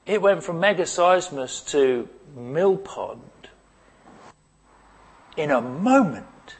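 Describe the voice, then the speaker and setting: A man preaching a sermon, moving from loud cries to hushed asides. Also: a little high, lively intonation, slow pace, breathy edge. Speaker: pastor.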